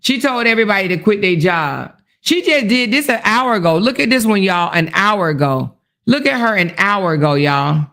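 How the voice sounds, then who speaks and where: Gravelly-voiced woman hosting casual commentary. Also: mid-range voice, animated, normal speed, a bit bright. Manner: chatty, laughs often, reads comments aloud. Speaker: commentary host.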